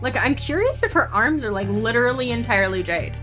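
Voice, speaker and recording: A woman's voice: a little high, lively intonation, a little fast, fairly bright tone, soft background music. A woman streamer chatting casually with her viewers while playing a game, with plenty of fillers.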